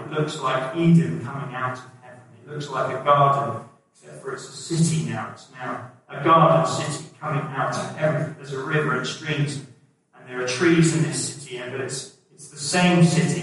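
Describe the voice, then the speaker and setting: A man's voice: medium pitch, moderate pace, hardly any pauses, a bit bright, far from the mic. Male preacher in an echoey hall. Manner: conversational, asks the congregation questions. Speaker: pastor. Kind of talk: sermon. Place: church hall.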